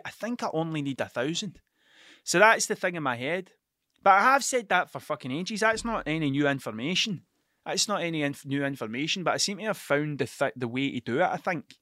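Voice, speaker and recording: A Scottish man talks through a solo podcast in a loose, sweary ramble, cutting himself off and circling back. His voice sits a little high and sounds bright and forward. The recording is dry and close, with no room sound. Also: dry recording. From Scotland. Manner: rambling, sweary, self-interrupting. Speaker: podcast host. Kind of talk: casual solo podcast monologue.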